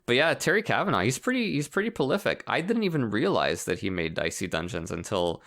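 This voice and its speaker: A man co-hosting a casual podcast, explaining a game in an animated way and laughing often. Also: mid-range voice, fast talker. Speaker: podcast co-host. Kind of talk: casual chat about video games.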